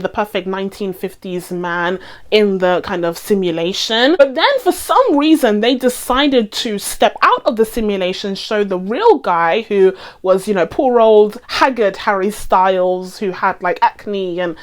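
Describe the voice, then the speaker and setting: A young British woman with a received pronunciation accent talks through movie reviews in a lively, casual way. Her voice sits a little high and swings widely in pitch as she stresses her points and breaks into laughs. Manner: animated, laughs often, emphatic. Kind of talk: casual film review chat.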